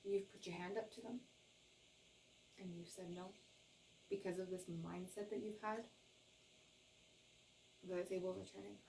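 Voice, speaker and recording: A woman's voice: on the low side, steady tone, measured pace, vocal fry, long pauses, warm tone, far from the mic, a little hiss or hum, rough recording. A woman giving a tarot reading to camera, earnest and reassuring, often checking in with "okay?" and gushing with emotion. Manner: gushes with emotion. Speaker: tarot reader.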